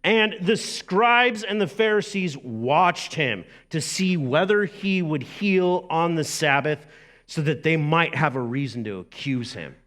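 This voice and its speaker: A middle-aged man preaches to his congregation in a conversational, animated style. His pitch rides a little high and swings widely. He takes his time, letting words hang between phrases. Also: a little slow. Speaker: lead pastor. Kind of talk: sermon.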